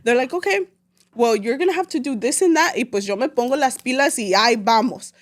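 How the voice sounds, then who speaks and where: A woman in her late twenties from El Salvador, telling a personal story as a podcast guest in an animated, slangy way, slipping Spanish phrases into her English. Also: high-pitched, quick pace. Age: late 20s. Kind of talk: casual storytelling chat.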